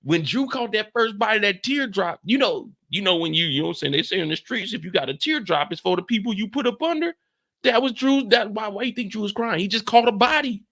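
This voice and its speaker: A man's voice: high voice, a little fast, gravelly. A man hosting a live reaction stream, chatting casually, repeating himself and acting out quotes. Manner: animated, repeats lines, acts out quotes.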